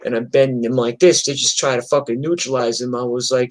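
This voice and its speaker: A man from New York tells wild stories from his past in a loose, swearing rush. He acts out the blows and shouts as he talks. His voice sits at an ordinary middle pitch. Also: a little fast, few pauses. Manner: profane, animated street storytelling. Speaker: host telling stories. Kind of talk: casual storytelling. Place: streamed from home.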